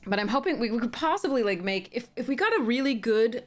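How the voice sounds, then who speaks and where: A young woman chats with her stream audience while she drafts cards, thinking out loud and greeting viewers. Her voice sounds a little tired, and soft music plays behind her. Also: fairly high pitch, big pitch swings, fast. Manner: chatty, thinks aloud, greets chat warmly.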